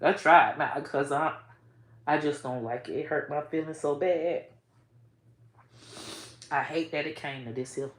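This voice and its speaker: A woman's voice: deep voice, steady tone, a little slow, pauses often. Blunt, emotional woman vlogger in echoey room. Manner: blunt, profane, keeps saying "bro" and "y'all"; emotional, swinging between soft and loud. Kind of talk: casual commentary to camera.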